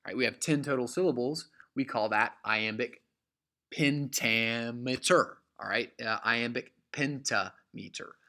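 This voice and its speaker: A man's voice: mid-range voice, moderate pace, hardly any pauses, sharp tone. A man teaching a recorded literature lecture in a casual, conversational way, full of fillers and frequent "okay?" check-ins.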